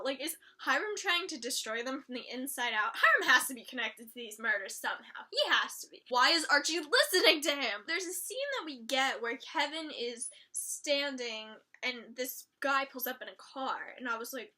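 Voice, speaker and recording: Young woman gushing over a tv episode, high and bright, gets all exasperated. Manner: animated, gushing, with exasperated outbursts and quick quoted asides. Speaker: TV episode reviewer. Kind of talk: casual chat.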